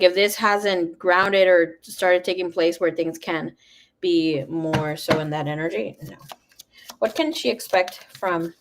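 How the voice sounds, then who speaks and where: A woman's voice: lowish voice, background noise. A young adult woman giving a live tarot reading, talking frankly and swearing freely. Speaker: tarot reader.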